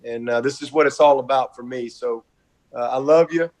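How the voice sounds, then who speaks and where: A man's voice: medium pitch, moderate pace. A middle-aged man, a college football coach speaking over a video call, heartfelt, effusive and repetitive. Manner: warm, effusive, repetitive, folksy.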